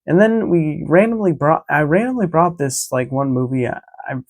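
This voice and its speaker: A man's voice: on the high side, expressive, moderate pace. A man vlogging a casual recap of his day, easygoing and chatty, rambling with lots of filler words and restarts.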